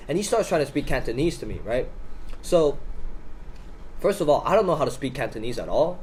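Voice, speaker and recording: A man's voice: mid-range voice, animated, fairly quick, a little mellow, slight background noise, low-quality recording. A teenage boy casually telling a story on a student podcast, acting out both sides of an argument. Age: teens. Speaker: podcast co-host. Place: school room in Hong Kong.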